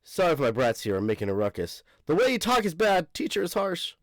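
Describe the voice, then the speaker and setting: A man voicing a blunt, harsh giant woman schoolteacher in a loud, scolding manner. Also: fairly high pitch, huge pitch swings, fast talker, no room sound, voice pushed up. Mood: brusque.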